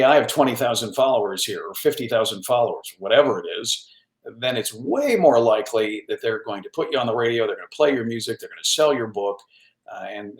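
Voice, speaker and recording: A man, a radio news anchor, telling stories as a guest in a casual interview, animated and self-deprecating with plenty of restarts. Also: mid-range voice. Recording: roomy echo on the voice.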